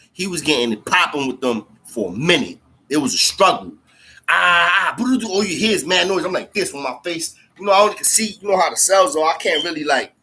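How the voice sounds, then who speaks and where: A man's voice: a little high, bright, forceful tone, slightly rough. A man telling a story in casual, slangy speech full of fillers and profanity. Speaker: storyteller recounting jail time.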